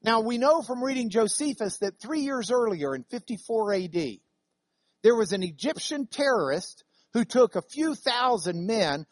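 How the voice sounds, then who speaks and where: A woman's voice: on the high side, expressive, normal speed, no room sound. A woman teaching a Bible class in a classroom, chatty and digressive, with many fillers and restarts. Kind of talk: classroom lecture.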